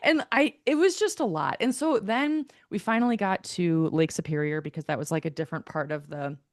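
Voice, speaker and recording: A woman co-hosting a podcast, telling a story in a lively, casual way, full of "like" and the odd swear. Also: lowish voice, a little fast, no room sound, studio quality. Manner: animated storytelling, filler-heavy, swears. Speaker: podcast co-host. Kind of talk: casual chat.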